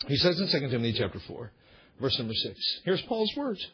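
A man's voice: mid-range voice, sing-song, fairly quick, husky, highs cut off. A man pastor delivering an emphatic, repetitive sermon.

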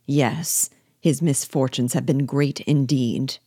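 A stiff, haughty gentleman speaks in a low, mellow voice, read by a woman narrator. His manner is formal, clipped and disdainful, and the sound is close and dry. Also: moderate pace, no room sound. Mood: bitter. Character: proud wealthy gentleman, stiff and cold.

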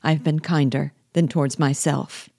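A woman reading the lines of a proud, wealthy gentleman in a formal, clipped, disdainful manner. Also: low voice, fairly even intonation, moderate pace, gravelly, husky, no echo, studio quality, full character voice. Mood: cool.

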